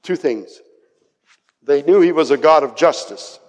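A male pastor preaching a dramatic sermon, acting out the voices he quotes and dropping to soft asides. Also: fairly high pitch, lively intonation, unhurried. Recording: long hall reverb.

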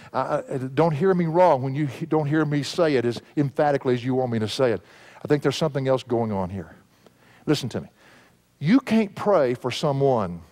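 Male pastor, earnest expository sermon, slightly high voice, dynamic emphasis. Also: darkish tone. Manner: earnest preaching, swelling and dropping with emphasis.

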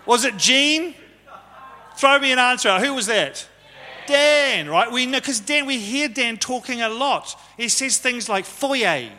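High bright-voiced preacher in a hall. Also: male voice, expressive, measured pace, a little hiss or hum. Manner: conversational, teasing the congregation. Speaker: pastor. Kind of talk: sermon. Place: church hall. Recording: live sermon with long hall reverb.

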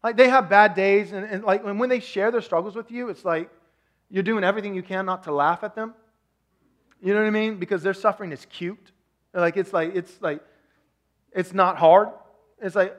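A man from Texas with a Texan accent, preaching a sermon as pastor, swinging between loud emphasis and soft hushed asides. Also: high voice, lively intonation, moderate pace.

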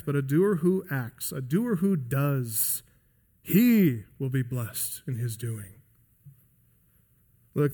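Pastor guy preaching hard in a church, big swings loud and soft, echo trails off in the hall. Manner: emphatic preaching with wide swings in pitch and loudness. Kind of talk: sermon. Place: church sanctuary.

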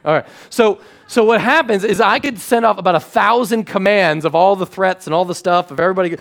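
Male pastor, 30s, sermon, lively storytelling, soft hushed reflection. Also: sits high, a little fast, gravelly, few pauses. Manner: animated storytelling, acting out his own shouting at bedtime. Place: church stage before a congregation.

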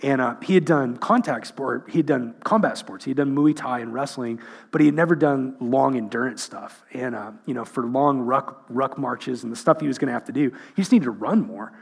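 A man's voice: medium pitch, brisk, creaky, breathy edge. A middle-aged man preaching a sermon, telling funny self-mocking family stories before landing an earnest point. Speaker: pastor.

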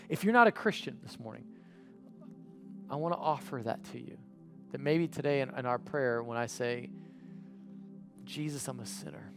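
A man preaching as a pastor, leading a communion sermon and prayer. His voice sits at a middle pitch and moves from loud, urgent stretches to soft, hushed words. Music plays clearly underneath.

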